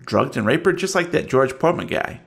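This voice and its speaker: A man's voice: mid-range voice, expressive, a little fast, natural voice. A man voicing a crude, sleazy middle-aged police detective with a New York accent, talking in a glib, rambling way full of "uh, you know". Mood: smarmy.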